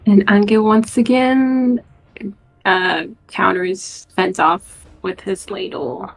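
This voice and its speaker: Give me a giggly woman player who speaks at a slow pace. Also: medium pitch, vocal fry, poor audio. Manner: giggly and excitable. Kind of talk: casual tabletop game play.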